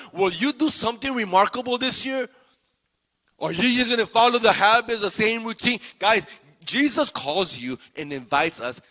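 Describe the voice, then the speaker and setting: Bright high-voiced preaching man. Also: normal speed. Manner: animated preaching, repeats phrases, acts out voices. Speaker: pastor. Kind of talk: sermon. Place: church sanctuary. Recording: long hall reverb.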